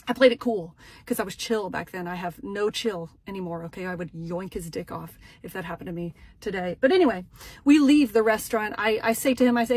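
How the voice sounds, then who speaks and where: A woman's voice: medium pitch, fairly quick, husky. Dramatic self-mocking woman telling a story. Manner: dramatic, swings between loud and hushed asides; self-mocking, punchy short sentences. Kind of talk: comedic storytelling to camera.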